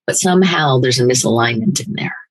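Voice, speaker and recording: Older lady recovery coach, husky voice, firm and animated, preachy motivational talk. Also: a bass voice, brisk, rough recording. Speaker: podcast host, recovery coach.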